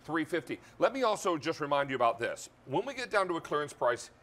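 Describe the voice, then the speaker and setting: A fast-talking man with a fairly high, slightly bright voice hosts a live TV home shopping show. Very animated, chatty and upbeat, he calls out stock counts as he sells.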